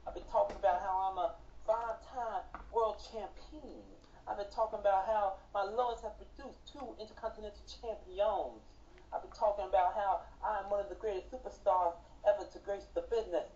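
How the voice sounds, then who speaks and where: A man's voice: sits high, steady tone, moderate pace, darkish tone, echoey room, recorded from a distance, a little hiss or hum, voice pushed up, lightly acted. A man putting on the voice of a boastful older male wrestling legend, bragging in a grandiose drawl over dull lo-fi call audio.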